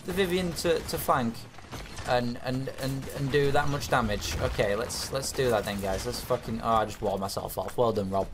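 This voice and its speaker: A man's voice: medium pitch, moderate pace, background noise. A young man giving live commentary over his own game, swearing and urging his team on. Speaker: gamer streaming commentary.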